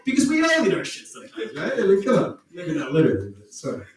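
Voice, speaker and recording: A man's voice: high voice, wildly swooping pitch, fast. A man doing a crude, self-mocking stand-up set on a comedy club stage. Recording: echoey club from far off.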